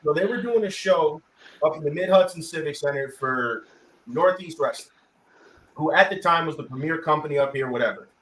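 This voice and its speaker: Animated young man telling stories. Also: a little high, a little fast, echoey room, distant mic, slight background noise, low-quality recording. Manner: animated, talks over others, acts out quotes. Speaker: podcast co-host. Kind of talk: casual podcast storytelling.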